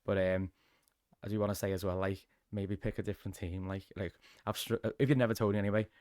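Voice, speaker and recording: A man's voice: fairly low pitch, little pitch movement, quick pace, darkish tone, dry recording, clean studio sound. A man with a Liverpool Scouse accent, a podcast guest telling stories in casual chat, sweary and chatty. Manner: sweary, chatty storytelling with laughs.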